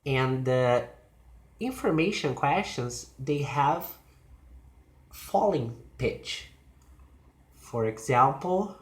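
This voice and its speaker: A man teaching English pronunciation, explaining things slowly and deliberately, with frequent pauses and fillers. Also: medium pitch, expressive, reverberant. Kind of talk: slow explanatory lesson.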